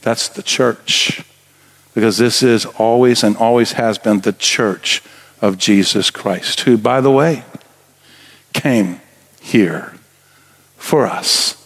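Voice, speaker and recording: A man's voice: mid-range voice, slow, long pauses. A middle-aged man preaching a sermon as pastor in a church sanctuary, earnest and building to emphatic exhortation.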